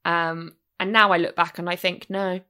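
A woman's voice: fairly low pitch, level tone, normal speed, sharp tone, smooth. A woman co-hosting a podcast in casual, chatty conversation, swearing now and then. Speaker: podcast co-host. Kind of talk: casual chat.

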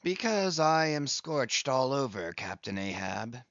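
A weary, scarred old blacksmith, voiced by a man reading an audiobook, answers in a quiet, subdued, resigned tone. He speaks slowly, in a low voice, and the dry recording sounds somewhat dull. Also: very animated, no room sound.

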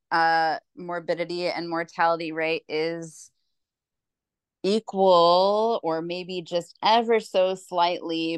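A woman from Hawaii speaking in a documentary interview, measured and pointed as she argues for birth options. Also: on the low side, smooth, no echo.

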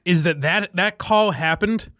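A man's voice: high voice, a little slow, fairly bright tone, no room sound, clean studio sound. A man hosting a casual podcast chat, laughing often and swearing freely as he reacts to a clip. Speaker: podcast host.

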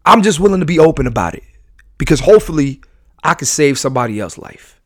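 A man's voice: fairly high pitch, sing-song, fast, no room sound, clean studio sound. A man hosting a podcast, talking candidly in a rambling, confessional way full of slang and restarts. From New York. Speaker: podcast host.

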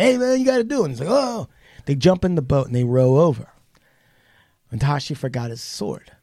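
This podcast co-host is a man with a fairly high, slightly mellow voice, recorded in clean studio sound with no echo. He's telling a long story in a casual chat among friends, swearing freely and acting out the quotes.

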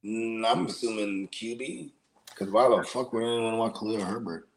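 A man's voice: on the low side, normal speed, background noise. A man co-hosting a casual fantasy football show, talking in laid-back slangy banter. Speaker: co-host. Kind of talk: casual podcast chat.

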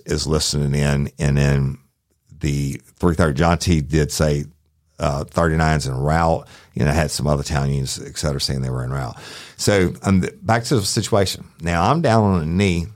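A middle-aged man tells a true-crime story in a rambling, profane way, acting out what people said. His voice sits extremely low and deep. The recording is dry and close, with no room sound. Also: no room sound. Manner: rambling, profane, acts out quotes. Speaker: podcast host, former sheriff's deputy.

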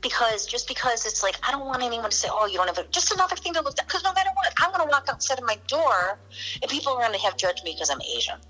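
A woman's voice: on the high side, quick pace, faint music behind, low-quality recording. A middle-aged woman comedian from Chicago, telling stories in casual podcast chat, acting out quotes and swearing freely. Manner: animated storyteller, acts out quotes, swears freely.

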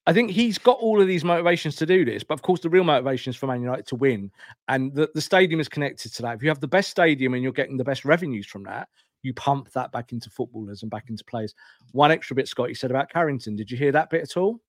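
A man co-hosting a football podcast, talking in a rambling, animated way and often breaking into laughter as he retells things. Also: mid-range voice, quick pace, dry recording, studio quality. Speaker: podcast co-host. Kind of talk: casual football chat.

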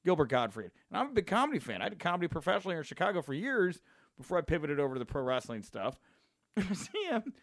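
A man hosting a podcast, telling a story in a casual, excitable way and laughing often. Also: fairly high pitch, fast, dry recording, studio quality. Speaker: podcast host.

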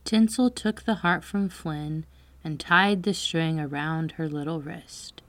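Low-voiced woman reading a bedtime story real slow, soft and soothing, faint music behind. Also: no room sound.

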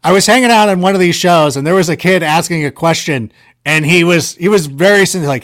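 A man casually telling stories on a podcast, animated and self-deprecating, filling his talk with "like" and "you know". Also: on the high side, a little fast. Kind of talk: casual storytelling chat.

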